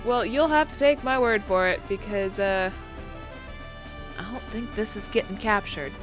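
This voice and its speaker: A woman's voice: medium pitch, measured pace, over music. A woman giving casual, rambling commentary as she plays through a video game. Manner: chatty, rambling, lots of fillers. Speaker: video game let's player.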